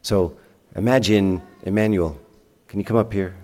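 A man's voice: on the low side, fairly even intonation, normal speed, a little mellow, long reverb tail. A man preaching a homily as a priest, chatting with the congregation through rhetorical questions and acted-out dialogue. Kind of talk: sermon. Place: church.

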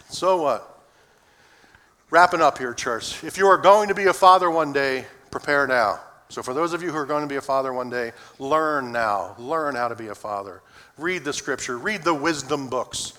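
Middle-aged male pastor, folksy and earnest, bright voice, reverberant church. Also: a little high. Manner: folksy, earnest, addresses congregation. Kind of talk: sermon. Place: church sanctuary.

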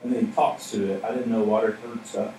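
A man's voice: lowish voice, quick pace. A man preaching a casual, conversational sermon, telling a story with frequent laughs and acted-out quotes. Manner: animated storytelling, laughs often, acts out quotes. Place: church hall. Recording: echoey hall from far off, faint room noise.

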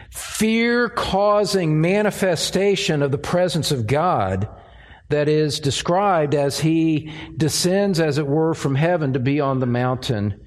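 A man preaching an expository sermon, speaking deliberately and repeating words as he finds his phrasing. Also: on the high side. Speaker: pastor.

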